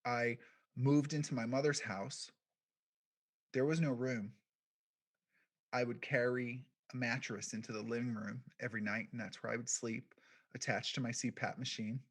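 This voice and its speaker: A man giving a keynote, telling a personal story in a quiet, reflective way with deliberate pauses. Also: mid-range voice, fairly even intonation. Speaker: keynote speaker, podcast founder.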